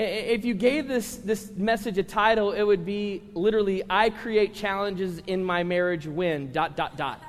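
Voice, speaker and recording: A man preaching a sermon to his congregation, telling stories with humor and talking directly to the listeners. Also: high voice. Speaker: pastor. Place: large church hall with congregation. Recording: live sermon in a reverberant hall.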